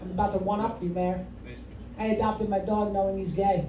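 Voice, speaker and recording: In a comedy club full of audible crowd noise, a high-pitched male comic does profane, brash stand-up a little fast and with a flat delivery, needling the audience as he works the room. The sound is echoey and noisy, captured from a distant microphone.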